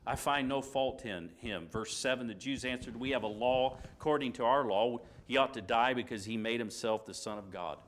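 A man teaching an informal Bible lesson, retelling the scene in a conversational way with restarts and asides, moving between loud passages and hushed ones. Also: medium pitch, steady tone, fairly quick, hardly any pauses, slight background noise.

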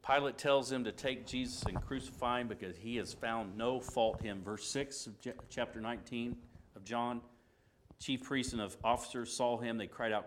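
A man with a medium-pitched voice, speaking at normal speed, teaches an informal Bible lesson, retelling the scene conversationally with restarts and asides. He shifts between loud passages and hushed ones, and a little hiss or hum can be heard.

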